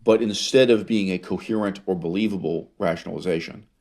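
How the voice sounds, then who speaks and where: A man with a low, gravelly voice lectures on ancient history, moving between quoted passages and his own commentary. He sounds wry and amused, slowing down on key words and pressing the listener with rhetorical questions. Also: darkish tone. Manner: wry, laughs at his own source readings; rhetorical questions, drawn-out emphasis. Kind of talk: lecture reading and commenting on sources.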